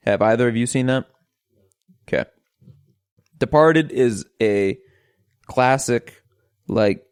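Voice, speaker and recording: A man co-hosting a podcast in a relaxed, teasing way with lots of "um". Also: medium pitch, smooth, no echo, clean studio sound. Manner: teasing, laid-back. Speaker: podcast co-host. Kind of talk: casual podcast chat.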